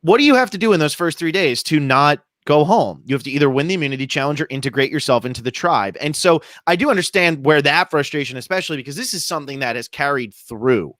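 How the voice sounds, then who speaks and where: Man, fairly high voice, dry close sound, analytical podcast host. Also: lively intonation, fast, few pauses, fairly bright tone, no room sound. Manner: thinks aloud, builds arguments. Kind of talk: casual analytical chat.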